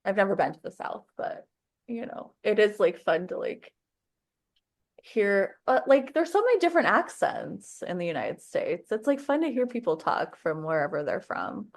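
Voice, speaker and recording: A young woman from the US Northwest hosting a podcast, asking questions haltingly with many fillers. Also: mid-range voice, big pitch swings. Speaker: podcast host. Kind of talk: casual interview chat.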